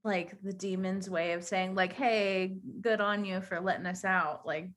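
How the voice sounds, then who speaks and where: Wry young woman with a husky voice. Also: medium pitch, fairly even intonation, measured pace, a bit bright. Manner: wry, jokey. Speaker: podcast co-host. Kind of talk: casual chat.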